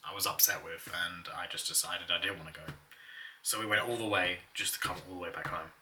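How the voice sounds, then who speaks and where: A man's voice: deep voice, fairly even intonation, a little fast, sharp tone, distant mic, slight background noise. A young man telling personal stories in a casual, chatty way, often laughing as he talks. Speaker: vlogger.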